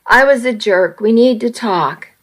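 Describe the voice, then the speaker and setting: A woman's voice: fairly high pitch, a little slow. A woman reading as an apologetic young boyfriend. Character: young adult man, boyfriend, hot-tempered then tender.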